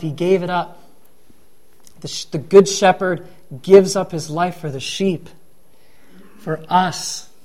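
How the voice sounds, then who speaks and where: High-voiced man preaching an animated sermon. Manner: animated, voicing the crowd's and Pharisees' words with rising emphasis.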